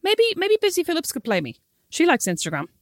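A woman's voice: high-pitched, huge pitch swings, dry recording, studio quality. Woman telling a cheeky story. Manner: storytelling, mock-scolding, quick laughter. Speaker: podcast co-host. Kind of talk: casual sisterly chat.

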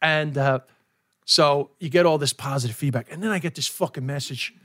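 A man, around his forties, a comedian chatting on a podcast, telling stories in an animated way, acting out dialogue and swearing often. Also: a little high, fairly quick. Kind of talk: casual podcast interview.

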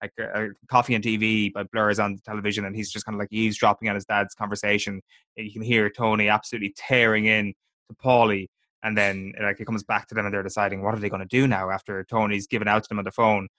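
A man's voice: lowish voice, level tone, quick pace, sharp tone, no room sound. A man hosting a casual podcast, recapping a TV episode scene by scene and quoting the characters. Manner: chatty, recounts scenes, quotes characters.

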